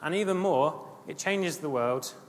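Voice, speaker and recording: A man's voice: a little high, unhurried. A man preaching a sermon, earnest and emphatic, often repeating his phrases. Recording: long hall reverb, faint ambient noise.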